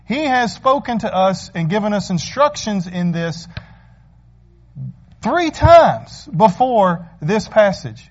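Man, pastor preaching, fairly high voice, earnest, rhetorical questions, dull lo-fi recording. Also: darkish tone. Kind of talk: sermon.

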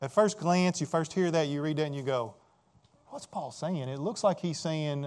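A man preaching an expository sermon as pastor, asking rhetorical questions and pressing key words with sudden bursts of loudness. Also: a little high, normal speed.

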